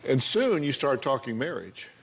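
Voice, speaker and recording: A man's voice: medium pitch, big pitch swings, creaky, slight background noise. A man, hosting a studio talk show and probing his guest with folksy questions. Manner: folksy, probing, reads letters aloud slowly. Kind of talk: studio interview. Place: television studio.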